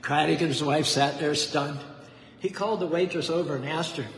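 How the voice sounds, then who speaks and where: A man's voice: a little high, steady tone, moderate pace, a little hiss or hum. A man preaching a devotional sermon with fervent, rhythmic repetition and a story. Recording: echoey hall with faint ambience.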